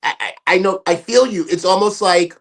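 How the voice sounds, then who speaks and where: A man with a raspy voice and a notably high pitch talks casually as an interview guest. He is animated and slips into changing voices to act out quotes. The feel is a relaxed indoor podcast chat. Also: brisk. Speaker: ring announcer, guest.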